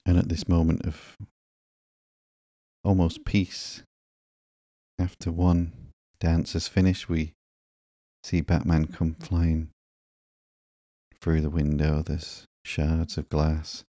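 Calm male narrator for bedtime comic readings, extremely flat and slow, mellow and dark. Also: very deep voice, no room sound, studio quality. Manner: calm, monotone, drawn-out. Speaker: podcast host and comic reader.

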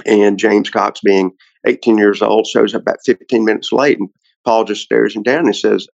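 A man's voice: on the low side, fairly even intonation, normal speed, vocal fry, darkish tone, no room sound, dull audio. A man, a car collector guest on a podcast, telling a long story in a casual, rambling way with many restarts.

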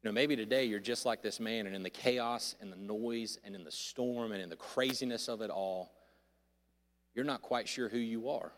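A man preaching a sermon in a church, swinging between loud emphasis and hushed, intimate lines. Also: on the low side, normal speed. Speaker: pastor. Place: church sanctuary. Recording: long hall reverb.

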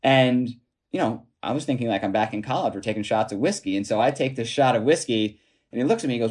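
A man of ordinary pitch tells stories as an interview guest. He talks in a halting way, restarting his sentences and stacking up fillers, and chuckles as he goes. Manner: animated, chuckling while telling anecdotes. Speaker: author and guest. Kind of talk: storytelling interview answer.

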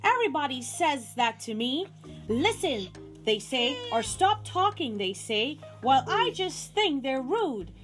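A woman's voice: high voice, very animated, unhurried, a bit bright, faint music behind, heavily acted. A woman doing a nonstop-talking yak cabbie. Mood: rambling. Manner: nonstop rambling, indignant, self-important. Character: chatty male yak taxi driver, never stops talking.

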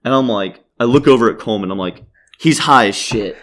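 A young man spins a rambling anecdote in relaxed podcast chat. His voice sits at an ordinary pitch. He swears freely, leans on "like" constantly and keeps laughing through the story. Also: a little fast. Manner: rambling, profane, many "like" fillers. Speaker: podcast host telling a story.

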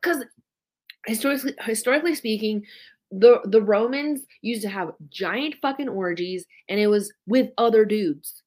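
With a medium-pitched voice at a moderate pace, this podcast co-host chats casually. She's an animated storyteller who doesn't hold back on swearing.

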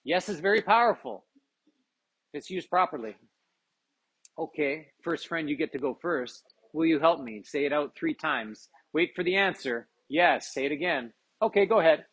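A man leading a live group workshop as a yoga teacher, giving brisk, encouraging instructions and acknowledging each answer with a quick "okay, very good.". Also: a little high, expressive, a bit bright, breathy edge. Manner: laughs often while checking in with participants. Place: live session at a retreat.

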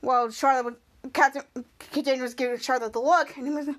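A woman hosting a podcast, retelling a TV episode scene by scene in a halting way, with frequent restarts. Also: high voice, steady tone, a bit bright. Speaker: podcast host. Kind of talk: casual episode recap.

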